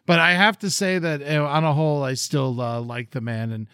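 A man's voice: on the high side, fairly even intonation, moderate pace, sharp tone, clean tone, no echo, clean studio sound. A man co-hosting a podcast, telling rambling stories in casual chat. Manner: rambling, meandering storyteller. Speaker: podcast co-host.

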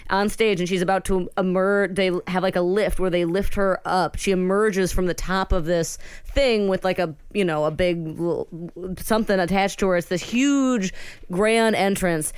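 Woman co-host, lower register, very smooth and clear voice; chatty, rambling gossip storyteller. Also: moderate pace, dry recording. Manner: rambling, filler-heavy storytelling. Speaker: podcast co-host. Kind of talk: casual gossip chat.

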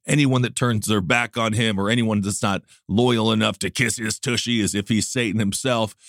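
A man's voice: on the low side, steady tone, normal speed, a bit bright, no room sound, clean studio sound. A man hosting a podcast, giving sarcastic, joking political commentary with plenty of filler words. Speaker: podcast host. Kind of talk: comedic political chat.

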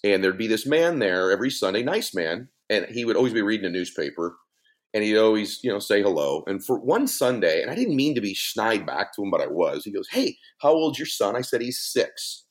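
A middle-aged man speaking as a guest on a podcast, telling a personal story in an earnest, emphatic way with big swings in pitch. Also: big pitch swings, brisk. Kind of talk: heartfelt podcast conversation.

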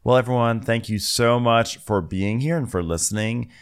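A man co-hosting a podcast, wryly recapping a reality show with gossipy, squeaky impressions. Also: normal speed, clear, resonant tone. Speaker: podcast co-host. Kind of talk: casual recap chat.

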